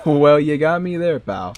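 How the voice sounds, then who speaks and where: A man's voice: a little high, expressive, takes it slowly, darkish tone, slight background noise. Joking man streaming a modded game. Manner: joking, chatty with chat. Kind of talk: casual gameplay commentary.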